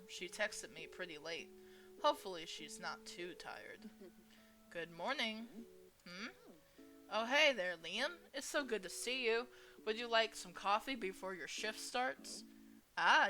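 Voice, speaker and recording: A young woman reading a visual novel aloud as a gaming host, expressive and playful as she voices each character. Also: medium pitch, unhurried, faint music behind. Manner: expressive, reads each character's lines with shifting energy.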